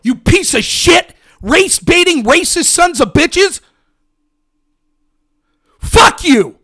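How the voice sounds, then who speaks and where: Furious profane man ranting, high-pitched. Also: big pitch swings, slow pace. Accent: American. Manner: furious, profane, shouting at viewers. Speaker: livestream political host. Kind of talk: angry political rant.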